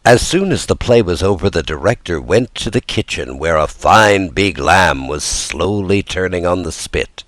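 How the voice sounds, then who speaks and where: A man narrates a children's classic in a low, resonant-sounding register, his pitch rising and falling with theatrical life. The recording is close and dry, with no room sound. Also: normal speed, few pauses, no room sound. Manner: lively, theatrical delivery. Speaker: audiobook narrator. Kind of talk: expressive storybook reading.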